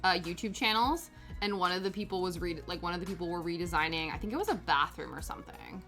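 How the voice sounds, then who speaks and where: A woman's voice: on the low side, quick pace, a bit bright. A woman chatting casually while she knits on a stream at home, rambling and laughing often. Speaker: knitting streamer. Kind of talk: casual chat while knitting. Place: home, on a sofa. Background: faint background music.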